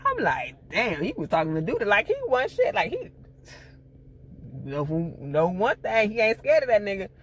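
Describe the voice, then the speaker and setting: A man's voice: high voice, wildly swooping pitch, normal speed, slight background noise. A man recapping a TV episode in a casual, profane storytelling style, acting out the scenes as he goes. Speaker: TV show reviewer.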